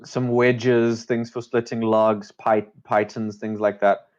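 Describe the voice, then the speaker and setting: A man's voice: on the low side, little pitch movement, slow, a little mellow, lo-fi sound. A man running a tabletop game as game master, describing the scene in a matter-of-fact way.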